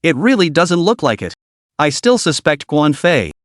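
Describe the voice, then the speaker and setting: A man's voice: fairly high pitch, sing-song, moderate pace, no room sound, studio quality. A man voicing a loyal male henchman who speaks politely with a sarcastic edge.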